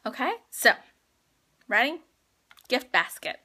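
A woman's voice: on the high side, big pitch swings, slow pace, sharp tone, husky. A woman hosting a live phone stream, chatting heartfelt and rambling with viewers as she announces giveaway winners. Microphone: phone livestream.

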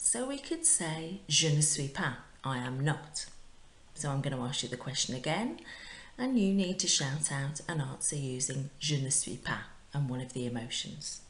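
This is a woman teaching a recorded lesson to pupils at home. Her voice sits low and she takes her time, spelling things out patiently and pausing for repetition. The sound bounces around a bare, echoey room. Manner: clear, patient, drills words for repetition. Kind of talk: recorded remote language lesson. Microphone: home recording for remote class.

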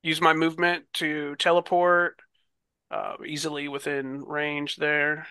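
A man's voice: on the high side, monotone, a little slow, bright, forceful tone, clean tone, no room sound. A man playing in a tabletop role-playing game, thinking aloud with many ums and likes. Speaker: player. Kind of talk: casual tabletop role-play.

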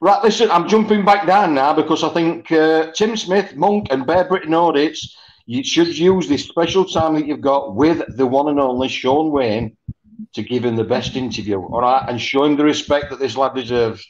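Yorkshire man, cheeky sweary livestream guest, lo-fi dull sound, slightly high voice. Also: moderate pace, a little hiss or hum. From born in Ireland, raised in Yorkshire. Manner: swearing, joking, laughs often. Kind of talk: casual banter. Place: sitting outdoors by a canal. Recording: dull lo-fi stream audio.

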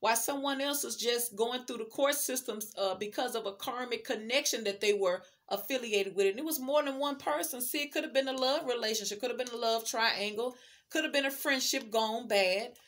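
Woman tarot reader; chatty, emphatic, addresses the viewer, voice sits a bit high. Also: brisk, fairly bright tone. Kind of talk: casual tarot reading.

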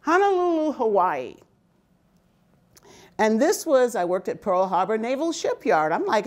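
An older woman speaking to an audience, her voice pitched a little high and swinging widely as she tells her stories. She takes her time, lets each line land, and often breaks into laughter. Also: sing-song, unhurried, long pauses, a little mellow. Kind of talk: personal storytelling talk.

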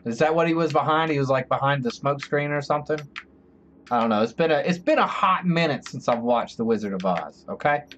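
A male streamer riffing through live gameplay commentary, excitable and full of jokes. His voice sits slightly high and swings widely in pitch as he talks. There is a faint hiss behind him. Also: fairly quick, muffled recording. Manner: excitable, joking, chatty.

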